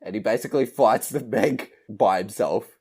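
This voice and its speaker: A man co-hosting a podcast, chatting casually about a movie, retelling scenes with animated laughter. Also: fairly low pitch, normal speed, husky. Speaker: podcast co-host. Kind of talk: casual movie review chat.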